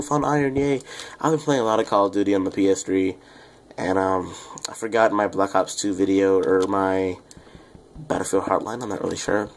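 A young gaming YouTuber chats loosely to his viewers during a casual Let's Play, rambling, apologizing, and poking fun at himself. His low, quiet voice sounds off-mic, as if drifting away from the microphone. Faint keyboard clicks tick beneath him, along with a little hiss or hum.

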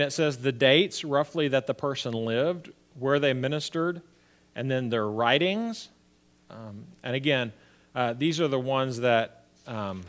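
Man teaching a church class. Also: mid-range voice. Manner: conversational, checks in with "right?" and "okay?". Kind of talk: classroom lecture.

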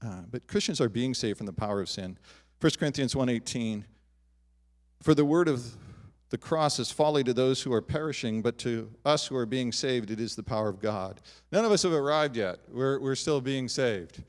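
Animated preaching man, pastor. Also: mid-range voice, normal speed. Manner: animated preaching, rising loud on emphatic lines, dropping soft on personal asides. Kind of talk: sermon. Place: church sanctuary.

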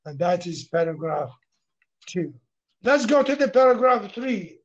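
In a dull lo-fi recording, a man lectures a literature class in a high-pitched voice with big pitch swings, speaking unhurriedly. He repeats himself, poses questions and answers them, and briefly switches into a few words of Arabic.

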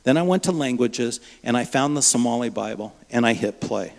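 A man preaches to a congregation, moving from plain talk into lively storytelling where he acts out what people said. His voice sits at a mid pitch. The sound carries the long reverb of a church hall. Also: fairly quick, vocal fry. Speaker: guest preacher from a Bible ministry. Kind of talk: sermon with storytelling. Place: church sanctuary.

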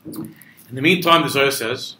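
A man's voice: mid-range voice, normal speed, bright, forceful tone, roomy sound, a little hiss or hum. A male rabbi giving a Torah lecture to a travel group. He explains a text line by line, weaves in Hebrew and Aramaic quotations and builds to impassioned emphasis. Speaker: rabbi teaching a class.

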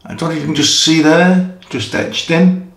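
A man's voice: fairly high pitch, steady tone, vocal fry. Rambling Merseyside man in an echoey room. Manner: rambling, self-deprecating, halting with fillers. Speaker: shaving channel host. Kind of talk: casual product demo vlog. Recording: roomy echo from a distant mic.

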